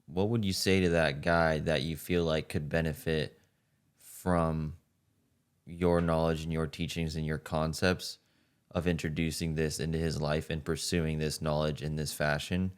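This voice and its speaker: Podcast host guy, really deep voice, smooth, kinda rambly questions. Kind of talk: interview questions.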